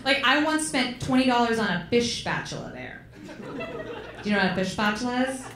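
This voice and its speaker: A woman's voice: on the high side, very animated, a little fast, fairly bright tone. A woman performing a chatty stand-up comedy set on a club stage, swearing and throwing in um fillers. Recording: echoey club with crowd laughter. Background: laughing audience.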